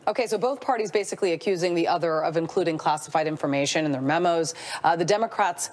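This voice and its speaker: Live TV anchor, female, low-pitched, friendly banter between reports. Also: fast, darkish tone. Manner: chatty, laughs easily between segments. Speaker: news anchor. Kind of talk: live cable news anchoring.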